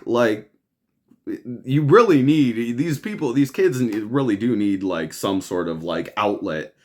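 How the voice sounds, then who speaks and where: A man's voice: mid-range voice, lively intonation, slow. A man hosting a podcast, ranting over the news in a profane, exasperated way and laughing often. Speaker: podcast host.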